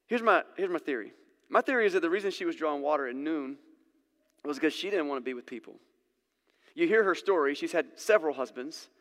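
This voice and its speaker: A man's voice: a little high, fairly bright tone, long reverb tail. A man preaching a sermon in a conversational, storytelling way with casual asides. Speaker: pastor.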